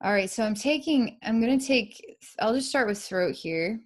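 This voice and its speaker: A woman psychic guides a client through an energy-healing session. Her voice is soft, often broken by sighs. She describes her visions in a dreamy, repetitive way. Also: a little high, expressive, moderate pace.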